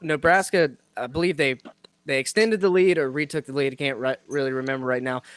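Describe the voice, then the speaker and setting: A man's voice: medium pitch, fairly quick, a bit bright, no echo. A man hosting a casual sports podcast, rambling, self-mocking and laughing often. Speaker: podcast host.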